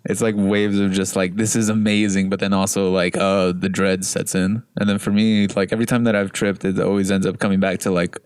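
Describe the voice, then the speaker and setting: A young man co-hosting a podcast, telling stories in a relaxed way, full of "like" and fillers. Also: low voice, fairly quick, few pauses, clean tone, no room sound, clean studio sound. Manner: relaxed, filler-heavy storytelling. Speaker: podcast co-host. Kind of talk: casual podcast chat.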